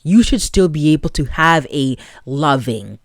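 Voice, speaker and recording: A podcast host giving opinionated, animated solo commentary and talking straight to the listeners. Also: mid-range voice, unhurried, no room sound, clean studio sound.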